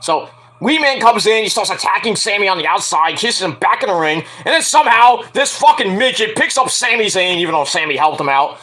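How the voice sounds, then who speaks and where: Man, casual wrestling review, swearing, rambling, high voice, bright and sharp. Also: sing-song, a little fast. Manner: profane, rambling, acts out quotes with yelps.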